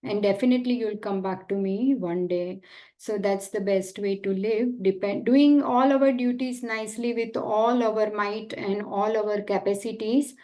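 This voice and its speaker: A woman retelling a sacred story in a devotional class, with many pauses and fillers. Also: mid-range voice, steady tone, dark tone, poor audio. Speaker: devotional speaker.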